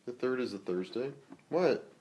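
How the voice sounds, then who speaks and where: A man's voice: mid-range voice, animated, moderate pace, a crowd in the background. A man co-hosting a podcast in casual, playful, jokey chat. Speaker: podcast co-host.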